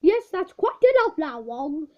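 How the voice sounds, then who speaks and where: A woman voicing an old male maths teacher who lectures loudly and gets irritated easily. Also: sing-song, measured pace, exaggerated voice. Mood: exasperated. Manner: loud, lecturing, rising pitch. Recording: dull lo-fi recording.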